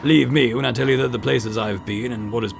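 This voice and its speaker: A man reading a gravelly, polite professor. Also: mid-range voice, steady tone, fast, faint music behind. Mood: cautious. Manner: formal, careful, polite. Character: polite male university professor, cautious and formal. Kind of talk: video game voice reading.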